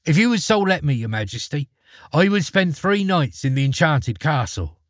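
A man's voice: a little high, very animated, moderate pace, dry recording, clean studio sound, pitched above the performer's own voice. A man doing a plucky fearless young lad. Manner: plucky, matter-of-fact, cheeky. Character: bold fearless young farm boy, cheeky.

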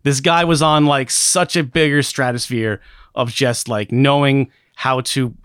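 Male podcast co-host, mid-pitched, profane and rambling, dry close mic. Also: fairly even intonation, measured pace, fairly bright tone, smooth, no echo. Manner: rambling, profane, self-deprecating, with many restarts. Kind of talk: casual chat.

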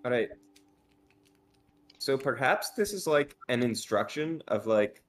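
A man's voice: mid-range voice, lively intonation, slow, pauses often. A man playing a tabletop game, thinking aloud with hesitant fillers. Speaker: player. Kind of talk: casual tabletop play.

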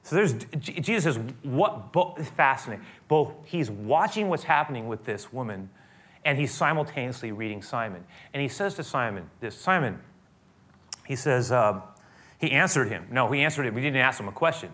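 A man preaching in a storytelling way, often stumbling over restarts as he builds the scene. His voice sits at an ordinary middle pitch, drops low and quiet for asides, then climbs high and loud at the dramatic moments. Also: animated, normal speed. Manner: storytelling with frequent restarts, swinging from hushed to emphatic. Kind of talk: sermon.

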